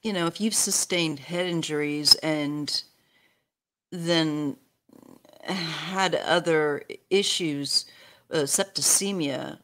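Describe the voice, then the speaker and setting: A woman hosting a casual livestream chat, gentle and unhurried, reading viewer comments aloud. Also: low-pitched. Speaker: host.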